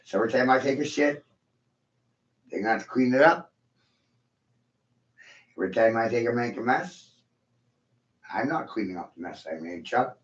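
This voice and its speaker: A man's voice: medium pitch, expressive, normal speed, long pauses. A man in his forties delivering a crude, profane, rambling monologue in a mocking tone. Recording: echoey room, dull lo-fi sound.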